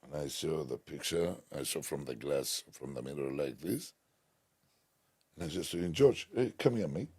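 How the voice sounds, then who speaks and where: An older man, a DJ guest telling stories in broken English with animated, emphatic repetition. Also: rumbling low, normal speed, breathy edge. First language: Greek. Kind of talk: storytelling interview chat.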